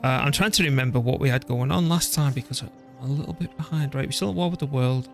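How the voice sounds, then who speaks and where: A man talks his way through a live strategy-game stream, his voice dropping into a gravelly fry at the ends of phrases. He chatters in a loose, self-mocking way and scolds his software as if it could hear him. Soft music plays quietly behind him. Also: mid-range voice, quick pace. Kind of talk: live gameplay commentary.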